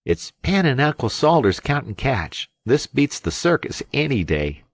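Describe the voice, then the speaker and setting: A man voicing a cheeky teenage fisher boy in an audiobook, quick and teasing. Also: mid-range voice, sing-song, vocal fry, no room sound, clean studio sound, pitched above the performer's own voice, heavily acted.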